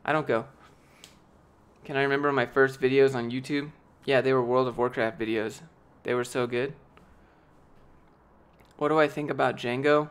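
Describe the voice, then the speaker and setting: Young man, live-stream chat, rambling and jokey, swears a lot, mid-pitched voice. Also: steady tone, moderate pace, pauses often, smooth.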